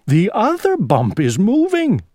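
A man's voice: very animated, slow, a little mellow, dry recording, studio quality. A man doing a fussy, flustered storybook owl. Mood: alarmed. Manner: exclaiming, rising high when alarmed. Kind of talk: storybook character voice.

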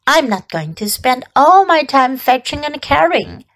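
A woman's voice: high voice, big pitch swings, a little slow, a bit bright, heavily acted. A woman voicing a greedy male rat who talks in a sneering, boastful way in a storybook reading.

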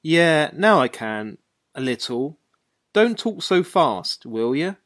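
A woman's voice: deep voice, sing-song, slow pace, no echo, studio quality, heavily acted. A woman playing an offhand, impatient man. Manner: brusque, offhand and easily irritated. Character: careless, impatient man on a bad long-distance phone line. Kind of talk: dialogue-story drama reading.

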